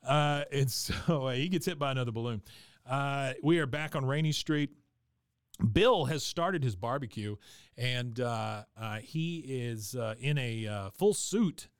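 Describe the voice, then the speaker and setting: A man's voice: mid-range voice, clean tone, no room sound, clean studio sound. A man hosting a podcast, casually recapping a cartoon episode in a rambling way, with lots of fillers and goofy voices for the quotes. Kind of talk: casual chat.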